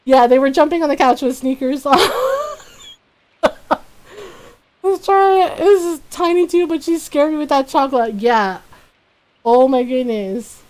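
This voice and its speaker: A woman's voice: sits high, sing-song, a little slow, pauses often, darkish tone, poor audio. Chatty middle-aged woman streamer. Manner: chatty storyteller who laughs often. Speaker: game streamer. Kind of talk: casual chat while livestreaming a game.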